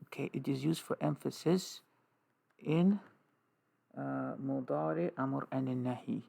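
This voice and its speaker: Guy teaching arabic grammar, super gravelly voice, says okay a lot and repeats every term. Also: medium pitch, fairly even intonation, mellow. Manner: slow, repetitive, drills terms with many "okay"s. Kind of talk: classroom lesson with writing.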